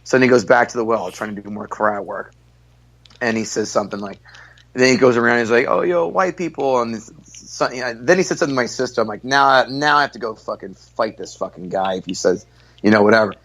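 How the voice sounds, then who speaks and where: A guest comedian on a casual podcast tells stories fast, loud, and forward, full of profanity. His voice is fairly low in pitch.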